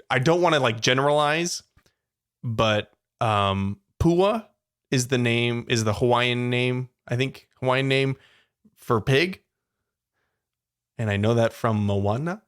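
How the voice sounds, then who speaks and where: A man co-hosting a casual podcast, playfully thinking out loud and laughing often. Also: medium pitch. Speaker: podcast co-host. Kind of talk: casual chat.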